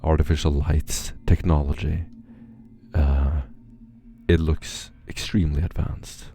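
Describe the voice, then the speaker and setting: A man narrating a tabletop game as game master in a calm, measured way. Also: rumbling low.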